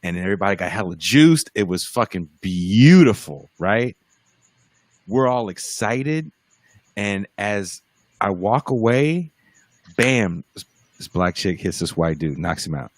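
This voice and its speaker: Low-voiced man telling a loose, profane story. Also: unhurried, dry recording. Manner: animated storyteller, swears freely, mimics voices in quotes. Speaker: podcast guest, band musician. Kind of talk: casual storytelling. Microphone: podcast mic over a livestream.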